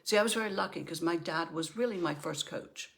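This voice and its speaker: Woman, middle-aged, life coach, chatty motivational talk, gravelly edges. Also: fairly low pitch, brisk, a bit bright. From Northern Ireland. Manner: chatty, often asks "right?".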